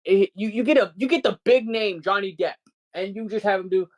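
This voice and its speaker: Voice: medium pitch, fairly quick. A podcast co-host ranting in casual chat, swearing constantly and sounding incredulous.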